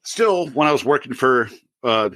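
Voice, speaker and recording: A man co-hosting a podcast, chatting casually, laughing often and throwing in quick joking asides. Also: medium pitch, lively intonation, a bit bright, no room sound. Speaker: podcast co-host.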